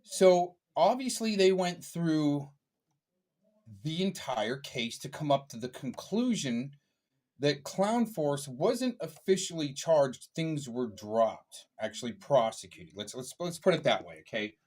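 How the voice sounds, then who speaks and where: A man commenting on a clip he has paused, explaining things in a casual and mildly mocking way. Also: a little high, sing-song, a little mellow.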